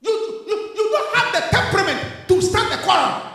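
High, lively man preaching in an echoey hall. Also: a little fast, creaky. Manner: emphatic, repeats lines, calls out to the congregation. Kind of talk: sermon. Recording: echoey hall with long reverb.

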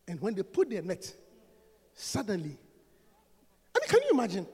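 A man preaching a sermon in a church, swinging from soft talk to shouting and laughing often. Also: high-pitched, wildly swooping pitch, normal speed, long pauses, slightly rough, big-room sound.

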